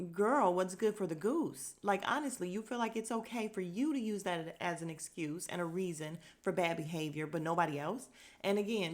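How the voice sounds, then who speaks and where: A woman hosting a podcast, recapping a reality show in casual chat, sassy and animated as she acts out what the cast said. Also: fairly low pitch.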